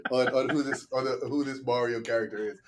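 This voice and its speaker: A man, a comedian, arguing the defense in a comedy podcast mock trial, halting with many repeated starts. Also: mid-range voice, fairly even intonation, heavy background noise.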